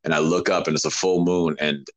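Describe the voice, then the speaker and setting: A man, a guest, telling a story in casual interview talk, animated and rambling with many restarts. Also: rumbling low, a little fast.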